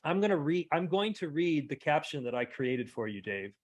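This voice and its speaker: A man's voice: fairly high pitch, sing-song, moderate pace, hardly any pauses. A man co-hosting a casual podcast, joking and laughing as he tells stories. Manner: joking, laughs a lot, playful.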